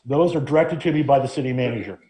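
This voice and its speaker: A man's voice: medium pitch, fast, mellow. A man serving as law director, speaking firmly and defensively in a council meeting debate. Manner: firm, defensive, lawyerly.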